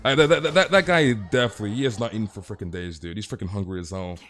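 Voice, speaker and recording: A man's voice: fairly low pitch, quick pace, a bit bright, faint music behind. A man chatting casually on a live game stream, ranting animatedly and peppering his talk with "freaking" and "dude".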